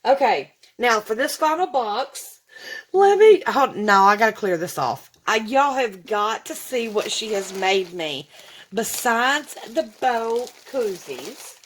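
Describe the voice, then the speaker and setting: Woman, slightly high voice, slow gushing talk, casual unboxing vlog. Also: animated. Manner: gushing and effusive, says y'all. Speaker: vlogger.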